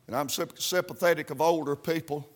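A man preaching a revival sermon in a Baptist church, fervent and peppered with "uh, uh" as he builds toward shouts. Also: fairly high pitch, steady tone, fairly quick.

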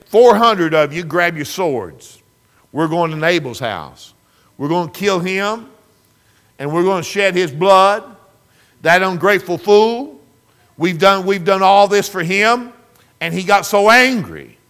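A man's voice: high-pitched, sharp tone. A man preaching a sermon in an earnest, plainspoken way, putting direct questions to his listeners.

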